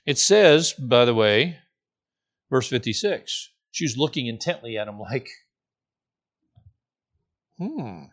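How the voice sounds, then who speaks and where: A man's voice: mid-range voice, animated, unhurried. A man preaching a sermon, acting out the quoted voices with frequent restarts. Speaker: pastor.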